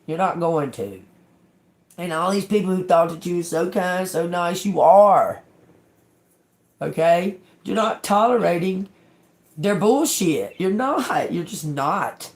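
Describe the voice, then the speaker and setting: A woman's voice: on the low side, lively intonation, takes it slowly, a little mellow. A woman giving a casual live tarot reading. She talks bluntly, swears often, laughs between phrases and keeps checking whether her listeners understand. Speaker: tarot reader.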